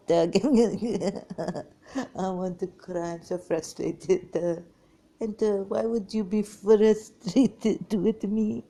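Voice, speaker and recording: A woman's voice: medium pitch, takes it slowly, dark tone. A woman, talking in a scattered, exasperated vlog monologue that jumps between topics. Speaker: ex-Muslim vlogger. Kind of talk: rambling monologue to camera.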